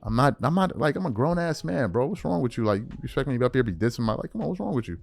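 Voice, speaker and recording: A man's voice: mid-range voice, very animated, very fast, creaky. A man hosting a sports commentary channel, delivering an emphatic, repetitive opinion rant straight at his viewers.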